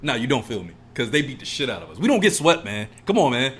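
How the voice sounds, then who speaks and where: A man's voice: mid-range voice, big pitch swings, quick pace, a bit bright. A man co-hosting a casual podcast, ranting emotionally and swearing a lot. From California. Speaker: podcast co-host. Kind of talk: casual chat.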